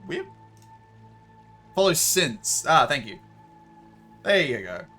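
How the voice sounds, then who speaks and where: Lively, bright-voiced male streamer. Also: a little high, takes it slowly, faint music behind. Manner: chatty, laughs often, swears casually. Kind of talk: casual live-stream chat.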